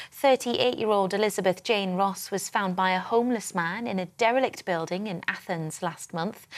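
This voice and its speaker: A woman newsreader delivering a scripted news bulletin in a measured, formal way. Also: on the high side.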